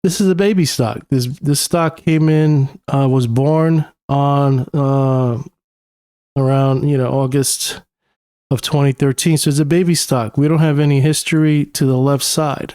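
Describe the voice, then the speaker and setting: A man's voice: mid-range voice, darkish tone, dry recording, clean studio sound. A young man with a New York accent talks casually through market charts as a technical analyst, thinking aloud with plenty of uhs and you-knows. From New York City. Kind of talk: screen-share chart analysis.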